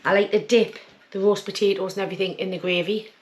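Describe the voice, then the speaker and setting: A woman's voice: medium pitch, steady tone, fast talker. A woman hosting a casual cooking vlog, chatting homely while she eats. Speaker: cooking channel host.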